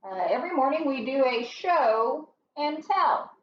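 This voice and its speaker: A woman's voice: sits high, expressive, slight background noise. A woman teacher leading a classroom phonics lesson, patient and encouraging, recorded in a classroom. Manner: patient, encouraging, slow and drawn-out. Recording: roomy and dull, from far off.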